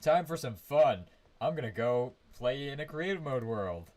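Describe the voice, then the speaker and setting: A man's voice: medium pitch, expressive, moderate pace, a little mellow. Rambling man streaming a game. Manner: rambling, hums to himself, frequent restarts. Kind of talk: casual live gameplay commentary. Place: his own room.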